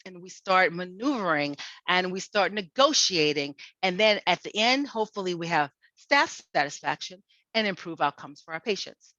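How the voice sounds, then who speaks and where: A woman's voice: mid-range voice, moderate pace, dry recording, lo-fi sound. A woman giving a seminar lecture, telling workplace stories and acting out the quoted conversations. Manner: lively storytelling, acts out quoted exchanges.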